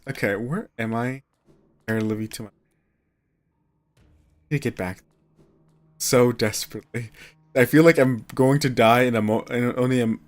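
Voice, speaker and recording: Tired, rambling man streaming. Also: mid-range voice. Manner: rambling, self-deprecating, trails off mid-sentence. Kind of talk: casual gameplay streaming commentary.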